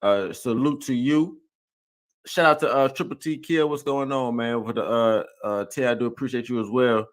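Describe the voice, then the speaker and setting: A man's voice: mid-range voice, normal speed. A man hosting a casual livestream chat, laid-back and slangy with many fillers. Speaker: livestream host.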